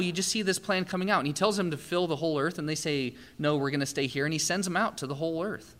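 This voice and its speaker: Animated male preacher in a reverberant hall. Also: mid-range voice. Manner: animated storytelling, acts out quoted speech. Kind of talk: sermon.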